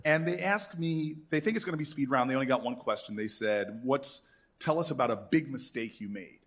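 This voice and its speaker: A man in his fifties, a senator, telling animated stories at an alumni event and acting out the people he quotes. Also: mid-range voice, brisk, slightly rough. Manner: animated storyteller who acts out quoted voices. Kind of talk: storytelling speech.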